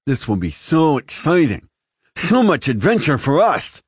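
A man voicing an overexcited male alien recruit who gushes and shouts in an audiobook. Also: a little high, very animated, husky, dry recording, studio quality, pitched above the performer's own voice, heavily acted. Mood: gushing. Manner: shouting, gushing, fast bursts of enthusiasm. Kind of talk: audiobook character voice.

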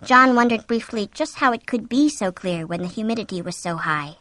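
A woman narrating a story aloud in steady scripted narration, slowing down at tense moments. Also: medium pitch, no echo. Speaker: audiobook narrator.

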